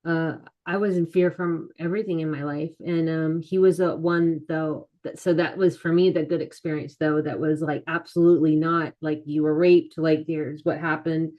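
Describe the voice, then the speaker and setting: Soft-spoken woman telling her story. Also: low-pitched, level tone, highs cut off. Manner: soft-spoken, halting, many restarts and quoted asides. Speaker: guest, author and mental health advocate. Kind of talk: candid personal storytelling in an interview.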